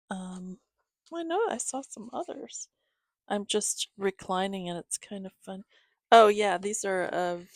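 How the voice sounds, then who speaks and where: A woman hosting her own channel, chatting casually with viewers as she shows gifts, giggling often and filling pauses with "um". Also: medium pitch, gravelly, dry recording. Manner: chatty, giggly, many fillers. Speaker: channel host reading to her cats. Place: home, reclining.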